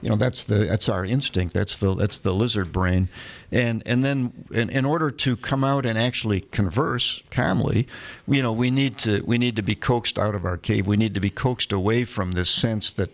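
A man hosting a relaxed discussion about politics. He talks in stops and starts, repeating words and restarting sentences as he thinks his way through each point. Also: fairly low pitch, vocal fry. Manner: halting, repeats words while searching for phrasing. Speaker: podcast host.

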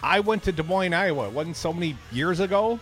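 A man's voice: high voice, expressive, fairly quick, faint music behind. A man hosting a talk radio show, reading the news with sarcastic jokes. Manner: sarcastic, jokey.

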